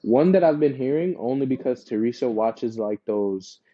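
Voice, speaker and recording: Podcast co-host, male, warm husky voice, loose rambling chat, dull lo-fi sound. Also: mid-range voice, lively intonation, moderate pace. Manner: laid-back, rambling with many fillers and restarts. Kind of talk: casual chat.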